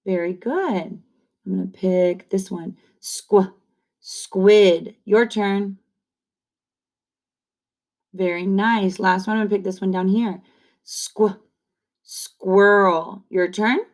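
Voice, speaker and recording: A woman teaching kindergarten phonics on video, drilling sounds slowly and cheering the children on. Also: mid-range voice, fairly even intonation, darkish tone. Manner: slow, encouraging call-and-repeat drilling. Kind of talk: online phonics lesson. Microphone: camera facing the speaker.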